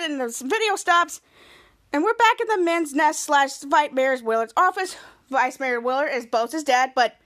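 A woman's voice: sits high, fairly bright tone. A woman hosting a podcast, casually recapping a TV episode scene by scene and quoting the characters' lines as she goes. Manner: retells scenes by quoting characters, with restarts and "cut to".

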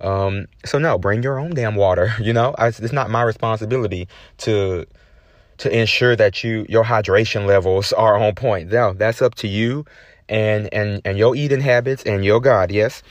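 A young man hosting his podcast, telling a story in a profane, sassy, animated rant. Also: lowish voice, moderate pace, no echo. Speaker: podcast host. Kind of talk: casual ranting monologue.

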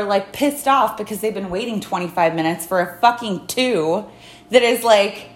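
A woman hosting a casual podcast, venting with lots of swearing in animated storytelling. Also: fairly high pitch. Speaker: podcast host. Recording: echoey room.

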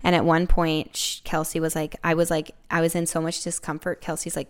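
Young woman telling her story, lowish smooth voice, says like a lot. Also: little pitch movement, normal speed, few pauses. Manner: chatty, repeats words, many "like" fillers. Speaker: podcast host. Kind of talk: casual personal storytelling.

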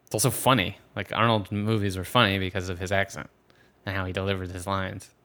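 A man's voice: sits low, flat delivery, a little fast, sharp tone. A man from the Philadelphia area chatting casually about a film as a podcast co-host, rambling with frequent restarts. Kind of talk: casual movie discussion.

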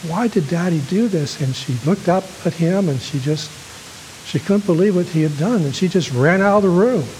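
A man preaching a sermon, telling a story in a gentle storytelling manner that rises with emotion. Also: high-pitched, expressive, normal speed, a little hiss or hum, low-quality recording. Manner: gentle storytelling, rising with emotion at quoted lines. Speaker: pastor.

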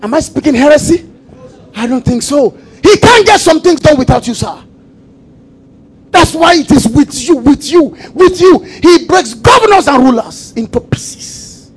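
A man preaching a sermon, repeating phrases and calling for the congregation to answer, shifting between shouts and quiet asides. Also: very high voice, expressive, measured pace, rough recording. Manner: emphatic call-and-response preaching with repetition.

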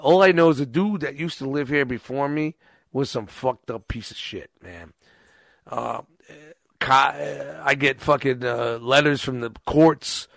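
A man's voice: medium pitch, measured pace, vocal fry, fairly bright tone, no room sound. A man casually telling a rambling, profane story and acting out quotes along the way.

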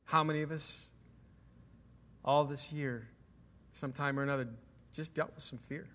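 A man's voice: a little high, fairly even intonation, moderate pace, pushed and bright, big-room sound. A man preaching a sermon as pastor to his congregation, emphatic, asking the room questions. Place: church sanctuary.

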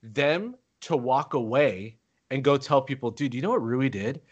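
A man on a podcast, chatting casually and telling animated stories with acted-out quotes. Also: medium pitch, a little slow, lo-fi sound. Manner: animated storyteller, acts out quotes. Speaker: podcast host. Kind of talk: casual chat.

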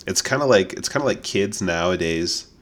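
Deep-voiced, chatty laughing man. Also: expressive, moderate pace. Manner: chatty, laughs often, rambling with fillers. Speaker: podcast co-host. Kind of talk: casual podcast chat.

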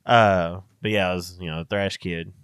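A man's voice: low voice, steady tone, moderate pace, a bit bright, smooth. A young man co-hosting a podcast, chatting loosely, swearing and laughing often. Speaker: podcast co-host, metal musician. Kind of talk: casual chat.

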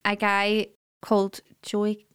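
A woman's voice: medium pitch, completely flat delivery, slow pace, a bit bright, smooth, no room sound, clean studio sound. A Scottish woman with a Glaswegian accent, co-hosting a podcast and telling stories in a chatty way. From Scotland. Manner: chatty, storytelling. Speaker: podcast co-host. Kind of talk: casual chat.

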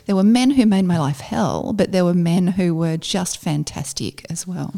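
A middle-aged woman, a former army officer, telling a story in casual conversation, halting and full of fillers. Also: on the low side, creaky, mellow. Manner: halting, with many fillers and restarts.

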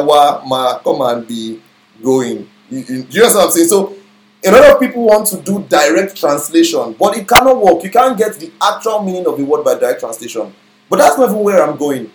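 High-voiced man preaching in an echoey room. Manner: explanatory, repeats phrases, reads verses slowly. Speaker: pastor. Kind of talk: sermon teaching.

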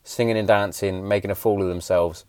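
A man's voice: low-pitched, fairly even intonation, brisk, a little mellow, clean tone, no echo. A man, hosting a casual podcast in a blunt, sweary, heated way. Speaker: podcast host.

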